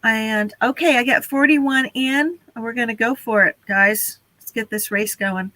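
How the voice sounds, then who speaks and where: A woman's voice: fairly high pitch, fairly even intonation, unhurried, pushed and bright, no room sound, rough recording. A woman hosting a casual live stream, chatty and laughing often as she talks to her viewers.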